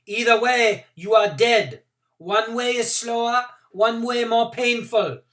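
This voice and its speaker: Brief: man doing a loud, slow, threatening storybook officer, pitched high and barking. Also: full character voice. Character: menacing male soldier officer shouting orders. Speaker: teacher reading aloud.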